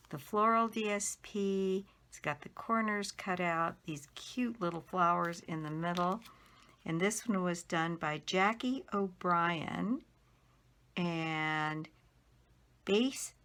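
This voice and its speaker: A middle-aged woman with a slightly low, gravelly voice takes her time, moving unhurriedly through a stack of handmade greeting cards. She admires each one and carefully spells out who made it, one letter at a time. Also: slow pace, a bit bright. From Colorado. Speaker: card-making demonstrator. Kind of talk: casual show-and-tell of handmade cards.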